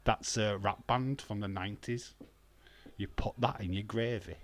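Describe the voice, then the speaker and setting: A man's voice: mid-range voice, moderate pace, creaky. A British man from the UK doing a casual live watch-along commentary, joking, swearing a lot and laughing often. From United Kingdom. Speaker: wrestling watch-along streamer.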